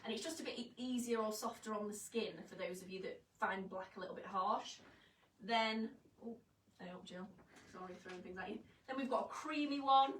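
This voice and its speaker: A woman's voice: medium pitch, brisk. Chatty woman presenting fashion live. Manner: chatty, jokey and self-mocking. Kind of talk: live fashion vlog chat. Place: shop studio, indoors. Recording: roomy, distant, faint background hum.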